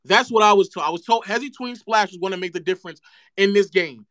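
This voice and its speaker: A man's voice: high-pitched, fast, sharp tone, no echo, clean studio sound. A man streaming live, ranting about basketball in a sarcastic, mocking way and repeating phrases for effect.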